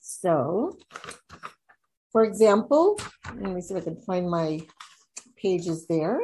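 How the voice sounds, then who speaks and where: A woman teaching reading skills, slowly sounding out words and syllables in a demonstration lesson. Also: lowish voice, sing-song, warm tone, slight background noise. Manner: slow, deliberate, sounding out syllables. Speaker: reading tutor. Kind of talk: instructional demonstration.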